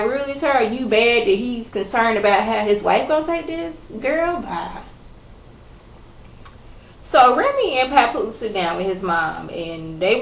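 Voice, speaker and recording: A woman's voice: mid-range voice, echoey room, rough recording. A woman giving a casual recap with a sassy, incredulous manner, acting out the people she quotes. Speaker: reality TV recap vlogger.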